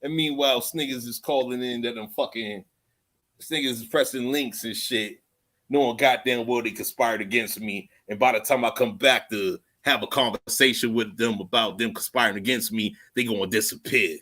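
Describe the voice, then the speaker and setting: A man hosting a livestream, talking off the cuff in a profane, rambling way, repeating phrases and swinging from low muttering to loud outbursts. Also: steady tone, normal speed. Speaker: livestream host. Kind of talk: unscripted livestream rant.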